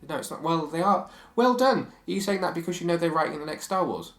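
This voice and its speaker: A man's voice: a little high, fast talker, a bit bright, roomy sound. A man co-hosting a podcast in casual chat, sharing strong opinions and reading quotes aloud. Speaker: podcast co-host.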